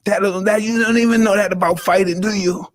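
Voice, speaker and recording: A man in his fifties talking intensely and emotionally, profane and halting, in a casual conversation. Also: high voice, steady tone. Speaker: podcast host.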